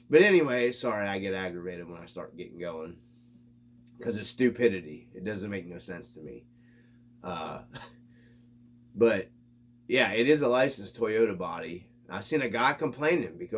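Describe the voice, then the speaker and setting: Ranting man with a lively, swooping voice. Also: on the low side, normal speed, pauses often, breathy edge. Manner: exasperated, ranting, swears freely. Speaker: RC hobby channel host. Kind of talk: casual vlog rant.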